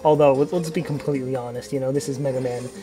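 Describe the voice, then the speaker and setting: A man's voice: medium pitch, steady tone, quick pace, dark tone, soft background music. A young man giving casual gameplay commentary, rambling and profane, full of fillers and restarts. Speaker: let's play commentator.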